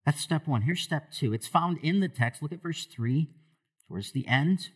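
A man preaching a sermon as pastor to a church congregation, asking them questions and moving between hushed low lines and raised loud ones. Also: lively intonation, moderate pace, husky.

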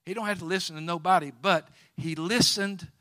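A man preaching a sermon, building to loud, half-sung passages and repeating his words. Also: high voice, fairly even intonation, fairly quick, no echo.

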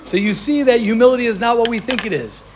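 Animated rabbi teaching. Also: male voice, very high voice, fast talker. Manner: animated, acts out quotes, mixes Hebrew and Yiddish terms. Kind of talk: informal Torah lesson.

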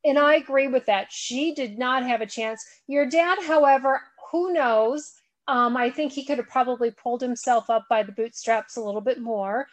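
A woman's voice: high voice, moderate pace, no echo. A woman hosting a podcast, talking earnestly in a rambling, conversational way. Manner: earnest, rambling, backs up and restarts. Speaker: podcast host.

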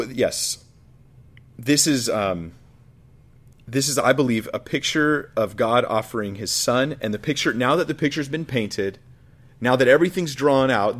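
A man preaching a Bible study, reading verses aloud and explaining them in an earnest, reflective way. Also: medium pitch. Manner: earnest, reflective, with frequent restarts. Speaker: pastor. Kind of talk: expository Bible teaching.

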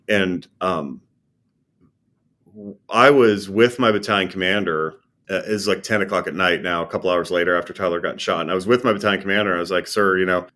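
A middle-aged man with a deep, low voice tells of his combat days as a former army commander. His speech is conversational and halting, full of pauses, fillers and restarts. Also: a bit bright. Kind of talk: personal war recollection, conversational.

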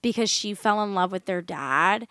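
Giggly young woman with a bright voice. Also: mid-range voice, moderate pace, dry recording, studio quality. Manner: giggly, animated, stumbles over names. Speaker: podcast co-host. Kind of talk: casual chat.

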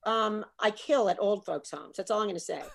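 A middle-aged woman telling comic stories as a guest in a casual chat, animated and breaking into laughs. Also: mid-range voice, a little fast, creaky. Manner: animated, joking, laughs between lines.

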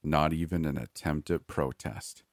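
A man voicing a cruel, smug man who holds a captive, speaking calmly and condescendingly in a scripted horror story. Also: extremely low pitch, measured pace, no room sound, studio quality. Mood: cold. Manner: calm, cold, condescending.

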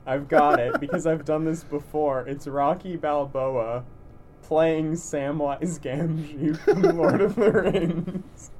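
A man co-hosting a casual chat show, playful and quick to laugh. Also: a little high, darkish tone, a little hiss or hum. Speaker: podcast co-host.

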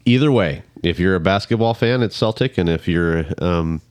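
A man's voice: low voice, moderate pace, darkish tone, clean tone, dry recording. A man hosting a casual, jokey beer-tasting chat. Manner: jokey, chatty, restarts often. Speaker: podcast host.

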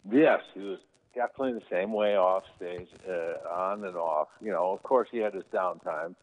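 A man's voice: low voice, moderate pace. A man, an actor, telling easygoing, rambling anecdotes as an interview guest, with many fillers. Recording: tinny phone-like sound.

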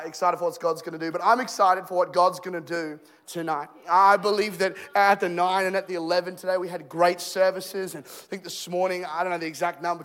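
A hoarse man preaches from a church stage, his voice pitched high for a man. He jokes easily with the congregation and breaks into loud, excited exclamations. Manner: energetic, joking, bursts into loud exclamations. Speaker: guest preacher. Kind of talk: sermon.

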